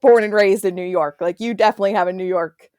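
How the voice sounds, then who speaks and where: A woman's voice: medium pitch, quick pace, darkish tone, no room sound. A young woman from near Pittsburgh with a slight Southern-tinged accent, hosting a podcast in a giggly, chatty way. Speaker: podcast host. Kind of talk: casual podcast chat. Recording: dry close mic.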